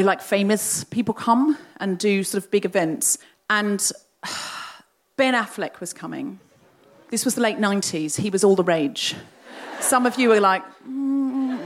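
A woman in her forties hosting a live comedy podcast, telling a self-mocking personal story with lots of energy. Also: mid-range voice. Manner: animated, self-mocking, confessional. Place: live theatre stage.

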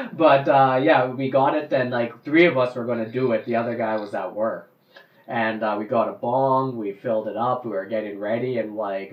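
Animated storytelling man in a roomy space. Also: mid-range voice. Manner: animated storyteller, acts out quotes loudly. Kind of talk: casual chat. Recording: roomy, dull lo-fi sound.

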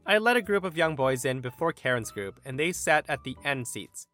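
Animated, bright-voiced male story narrator. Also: fairly high pitch, brisk, faint music behind. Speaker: story narrator and podcast host. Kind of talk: reading internet stories aloud.

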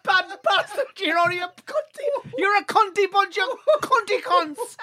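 A man with a West of Ireland accent, a stand-up comedian telling a casual, profane anecdote, swinging from low mutters to high excited bursts. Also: moderate pace, a little hiss or hum. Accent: Irish, West of Ireland.

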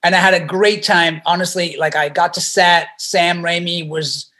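A middle-aged man shares an anecdote in a casual, animated way, often laughing and restarting his sentences. His voice is bright and forward. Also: high-pitched, moderate pace. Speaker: actor guest. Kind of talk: casual storytelling.

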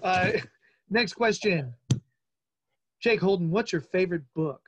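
A man in his forties hosting a casual interview, playful and chatty, with quick asides. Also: high-pitched, animated. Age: 40s. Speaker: podcast host.

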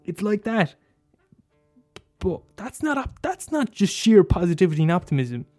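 A man talking casually and passionately about films, swearing freely and jumping up into high exclaims. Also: sing-song, moderate pace, darkish tone, soft background music. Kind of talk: casual film chat.

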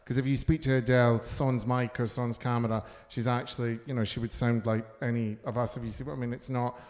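A man comedian on a live talk show, throwing in quick jokey asides. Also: mid-range voice, little pitch movement, darkish tone. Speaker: comedian guest. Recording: long hall reverb.

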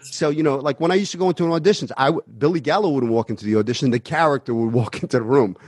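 A man's voice: medium pitch, very fast, a little mellow, dry recording. A man hosting a podcast about acting, talking casually and with energy, full of "you know.". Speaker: acting teacher and podcast host. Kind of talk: casual chat.

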